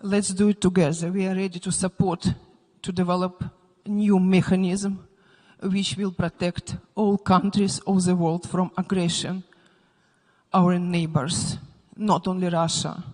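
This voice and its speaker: A woman from Ukraine with a Ukrainian accent, making an earnest, pleading public appeal in halting non-native English. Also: fairly low pitch, flat delivery, darkish tone. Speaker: civil society delegate addressing panel. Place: large meeting hall. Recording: long reverb of a large hall.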